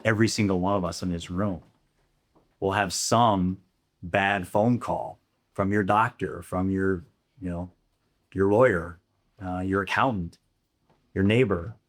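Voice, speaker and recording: A man's voice: low-pitched, fairly even intonation, a little slow, pauses often. A middle-aged man telling his story of loss and recovery in a candid, reflective way, with fillers and restarts. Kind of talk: personal storytelling talk.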